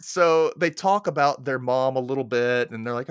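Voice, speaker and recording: A man hosting a podcast, recapping a movie in casual chat as an animated, laughing storyteller. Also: medium pitch, moderate pace, clear, resonant tone, dry recording, clean studio sound. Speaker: podcast host.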